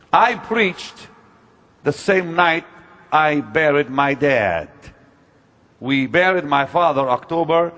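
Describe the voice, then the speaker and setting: Emphatic older male preacher, lively pitch. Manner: emphatic, storytelling, swings from loud to hushed. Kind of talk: sermon-style teaching talk.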